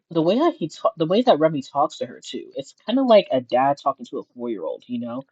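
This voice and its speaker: A streamer giving casual reaction commentary, mocking and animated, laughing often and shrieking at times. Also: medium pitch, a little fast, breathy edge, dry recording, lo-fi sound.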